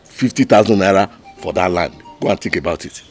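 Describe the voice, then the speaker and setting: A man's voice: sits low, a little fast, faint music behind, close to an everyday voice. A man with a Nigerian accent playing a cold, greedy village cabinet member who mocks a friend's plea. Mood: dismissive. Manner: dismissive, mocking. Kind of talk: Nollywood film acting.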